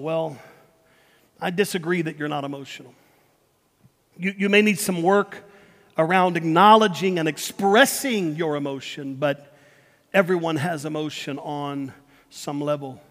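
A man preaching a sermon, emphatic, repeating words and swinging between loud and hushed. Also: fairly high pitch, measured pace, long pauses. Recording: long hall reverb.

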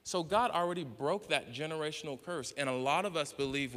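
A male pastor with a bright, forceful voice gives a conversational sermon in a church. He acts out little exchanges of dialogue and now and then surges into loud bursts. His words ring with a long reverb through the sanctuary. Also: a little high, a little fast, few pauses.

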